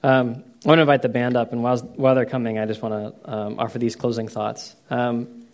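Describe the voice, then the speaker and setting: A man's voice: mid-range voice, flat delivery, brisk. Man leading a church service. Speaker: pastor. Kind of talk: closing remarks at a service.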